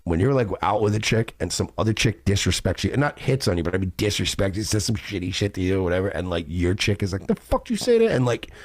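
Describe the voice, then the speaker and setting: A man's voice: low voice, fast, hardly any pauses, no room sound, studio quality. A male podcast host in a crude, rambling monologue full of swearing, acting out what other people say. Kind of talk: casual monologue.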